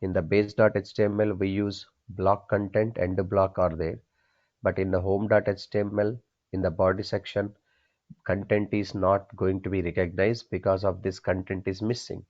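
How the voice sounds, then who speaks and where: A man's voice: low-pitched, flat delivery, moderate pace, darkish tone, dull audio. A man teaching a programming class, asking his students questions, answering them himself and repeating the key points. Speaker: programming instructor. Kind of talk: classroom coding lecture.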